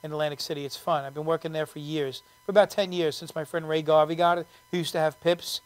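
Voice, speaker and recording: A man's voice: fairly high pitch, flat delivery, quick pace, smooth, no echo, rough recording. A man chatting as a guest comedian in an interview, rambling and fumbling for names. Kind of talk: casual interview chat.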